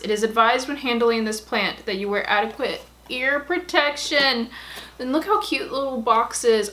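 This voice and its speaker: A woman with a slightly high voice hosts a casual unboxing vlog. She talks in a gushing, excitable way, gasping and squealing as she goes. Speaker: YouTube unboxing host.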